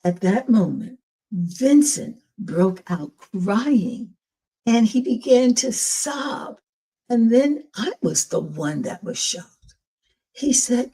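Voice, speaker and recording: A woman's voice: medium pitch, mellow, husky. An older woman hosting her show and telling a personal testimony in an earnest storytelling manner, acting out what others said. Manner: earnest, slow storytelling with acted quotes. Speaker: podcast host telling her own story.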